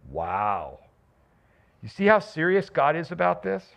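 A man preaching a sermon as a pastor, with animated, emphatic delivery and frequent restarts. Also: a little high, unhurried, creaky, pauses often, highs cut off.

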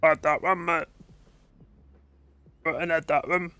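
A man casually commentating his racing game, swearing constantly and bursting into excited outbursts. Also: a little high, slow, no room sound. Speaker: gameplay commentator.

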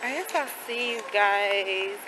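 A woman's voice: mid-range voice, slow. A young woman talking casually as she vlogs around a college campus, rambling and slangy. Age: young adult. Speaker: vlogger. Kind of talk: casual vlog chat. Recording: loud background noise.

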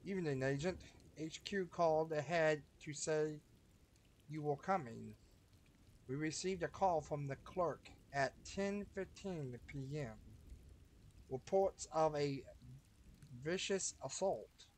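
A man voicing a male deputy at a game crime scene, dragging every word out slowly. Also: fairly high pitch, a little mellow, a little hiss or hum. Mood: matter-of-fact.

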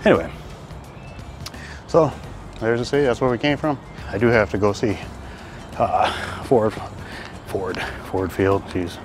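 Holding a compact camera outdoors beside city stone steps, a middle-aged vlogger from Detroit chats through a casual travel vlog, joking at his own expense and frequently out of breath. He speaks low and unhurried, pausing often, with soft music in the background.

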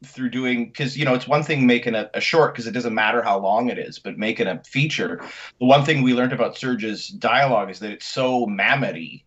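A man's voice: medium pitch, brisk, fairly bright tone, highs cut off. A man, an actor, chatting casually in an interview, full of filler words.

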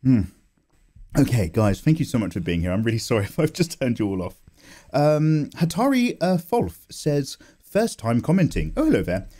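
A young man talks through his drawing session in casual chat, his pitch jumping all over as he gets worked up. His tone is soft and mellow rather than sharp. He is self-mocking and quick to swear and laugh, recorded close on a condenser mic at home. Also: very animated. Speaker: art YouTuber. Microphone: condenser microphone.

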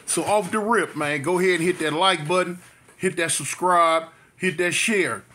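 A man's voice: high voice, fairly even intonation, normal speed, sharp tone. A man in his fifties from South Central Los Angeles, telling a story to his channel in a chatty way, with repetitions and street slang. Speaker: vlogger. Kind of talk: storytime monologue.

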